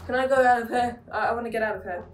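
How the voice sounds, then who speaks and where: A woman playing a VR game who chats to herself in an excitable way, with many exclamations, recorded from a distance in an echoey room. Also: a little high, rapid-fire, background noise. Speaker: gamer streamer.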